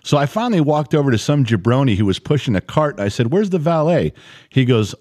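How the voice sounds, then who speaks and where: Middle-aged male co-host, lively pitch, blunt storyteller, dry close sound. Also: quick pace, dry recording. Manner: animated storytelling, blunt, swears. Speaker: podcast co-host. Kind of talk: casual chat.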